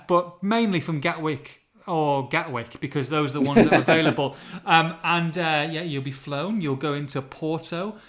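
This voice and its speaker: A man hosts a football podcast, his voice sitting a little high for a man. He talks in a chatty, teasing way, ribbing his co-host and hyping things up. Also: a bit bright. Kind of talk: casual football podcast chat.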